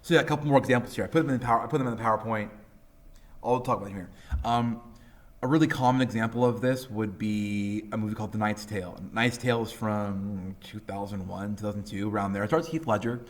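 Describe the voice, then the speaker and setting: Casual lower-voiced male English teacher. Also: quick pace. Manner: casual and animated, with many fillers and voiced quotes. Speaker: high school English teacher. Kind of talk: classroom lecture.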